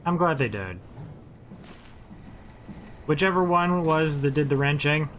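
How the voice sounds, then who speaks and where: Guy doing sarcastic let's-play commentary, pitch jumps around a lot, game noise in the background. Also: lively intonation, a little slow, fairly bright tone. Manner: jokey, rambling, sarcastic. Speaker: gaming host. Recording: game noise behind his mic.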